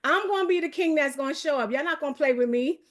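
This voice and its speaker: A woman's voice: high-pitched, fast, close to an everyday voice. A woman putting on a playful, boastful man who insists he will not be left out. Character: boastful grown man, the lone king among queens.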